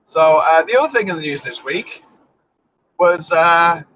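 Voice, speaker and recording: A man's voice: on the high side, lively intonation, measured pace, a bit bright, highs cut off, a little hiss or hum. A man, talking to his live stream from inside his car as he drives, rambling in a sarcastic, swearing, offhand way. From England. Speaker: vlogger. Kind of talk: casual live-stream driving monologue. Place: inside a car while driving.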